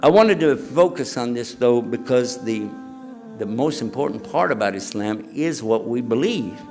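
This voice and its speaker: A man preaching in a lively, chatty lecture style, quizzing a live audience as he goes. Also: mid-range voice, normal speed, faint music behind. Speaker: Islamic preacher.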